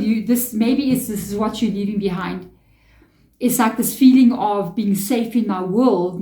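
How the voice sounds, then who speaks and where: Woman tarot reader, chatty and animated, mellow voice, echoey room. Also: medium pitch. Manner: chatty, animated, many fillers and self-talk. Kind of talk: casual tarot reading to camera.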